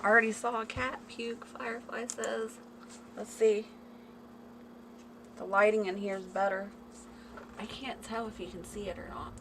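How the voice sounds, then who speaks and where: A woman's voice: mid-range voice, fairly even intonation, moderate pace, long pauses, a bit bright, a little hiss or hum, low-quality recording. A woman chatting casually on a home livestream, laughing and reading viewer comments aloud. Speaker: livestream host. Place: home, indoors. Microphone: phone camera.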